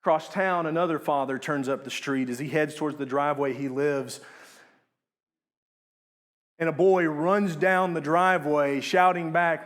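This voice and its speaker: Young man, preacher, sermon, earnest, slightly high voice, emphatic swells. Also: moderate pace, a bit bright. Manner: earnest, rising to emphatic peaks and dropping low on key words.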